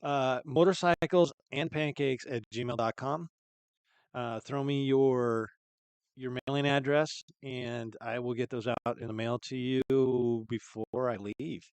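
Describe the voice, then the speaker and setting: A man's voice: medium pitch, fairly even intonation, slow pace, a little mellow, clean tone, dry recording. A man hosting a casual live-stream podcast from a studio, laid-back and chatty with plenty of slangy asides. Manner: laid-back and chatty, says "rad" and "dude" a lot. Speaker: podcast host.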